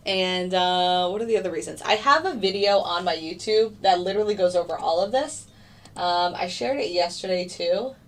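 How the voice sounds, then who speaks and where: A woman's voice: fairly low pitch, normal speed, recorded from a distance. A young woman hosting a casual trading livestream, chatting loosely with many fillers as she answers viewer questions. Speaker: livestream host, futures day trader.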